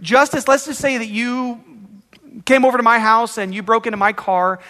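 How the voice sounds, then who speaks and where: A male pastor delivers a sermon with a high, bright voice, emphatic and conversational, with everyday examples acted out along the way. His voice carries a long reverb, as in a church sanctuary. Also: fairly even intonation, normal speed.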